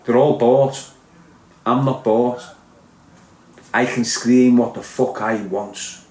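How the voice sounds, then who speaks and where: A man's voice: mid-range voice, steady tone, slow pace, a little mellow, echoey room. A man with a Liverpool accent delivering a blunt, sweary, impassioned podcast rant. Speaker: podcast host. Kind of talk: ranting podcast monologue.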